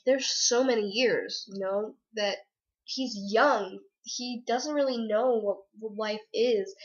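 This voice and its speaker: Giggly young woman, lo-fi audio. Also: fairly high pitch. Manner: giggly, gushing and chatty. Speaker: book reviewer. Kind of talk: casual book review chat.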